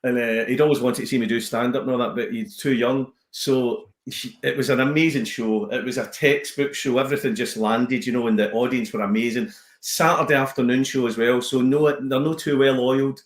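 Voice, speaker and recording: A Scottish man, a comedian, chatting casually on a podcast as an animated storyteller who slips into voices. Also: medium pitch, echoey room. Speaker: comedian guest.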